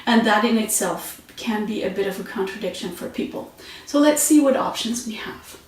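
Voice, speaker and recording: A woman's voice: mid-range voice, moderate pace. Woman teaching yoga in a very echoey room. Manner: relaxed, conversational, with fillers and self-corrections. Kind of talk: instructional talk. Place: indoors on a yoga mat at home. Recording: very echoey room, mic at a distance.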